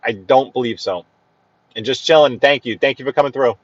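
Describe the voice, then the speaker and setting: A man with a New York accent chats loosely with his viewers as he drives, calling out their names and talking about the streets he passes. His voice sits at an average pitch. The sound is dry and a little muffled, as if captured inside the car. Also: fairly quick, dry recording. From Brooklyn, New York. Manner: chatty, rambling, greets viewers by name. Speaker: livestream driving host. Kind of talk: casual live-stream chat while driving. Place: inside a car in city traffic.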